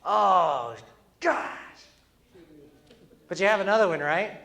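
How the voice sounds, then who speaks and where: A middle-aged man with a fairly high voice, speaking to an audience as he draws. He is playful and quick-witted, full of wry asides. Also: expressive, sharp tone. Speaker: cartoonist and speaker. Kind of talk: humorous live talk. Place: event hall before an audience.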